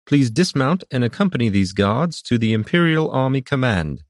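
A man's voice: medium pitch, sing-song, normal speed, no echo, clean studio sound, voice pushed up, natural voice. A man voicing a fussy, pinched male herald who speaks in prim, officious proclamations.

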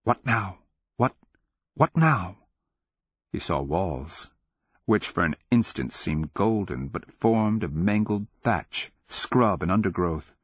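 A man narrating a dark fantasy audiobook in a measured, grave storytelling manner. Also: low voice, breathy edge, dry recording, lo-fi sound.

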